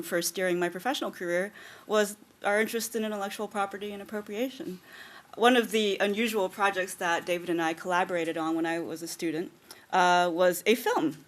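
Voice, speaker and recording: Articulate woman giving closing conference remarks. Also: lowish voice. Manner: warm, articulate, frequent ums. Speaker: conference organizer and closing speaker. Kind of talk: prepared academic remarks. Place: lecture hall.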